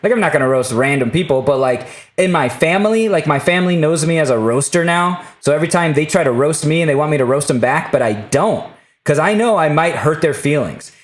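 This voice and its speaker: A man's voice: fairly high pitch, expressive, brisk. Blunt, swearing male podcast host. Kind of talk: casual podcast chat.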